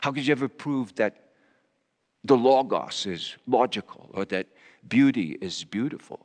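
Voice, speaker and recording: A male pastor preaching a dramatic first-person monologue, speaking in character as a Roman governor with a theatrical, halting delivery. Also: mid-range voice, expressive. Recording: long reverb of a large hall.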